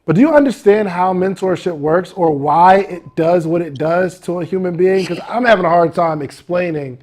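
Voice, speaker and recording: A man hosting a podcast who talks in an excitable, slangy way and says "yo" a lot. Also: sits high, moderate pace. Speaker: podcast host. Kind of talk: casual interview talk.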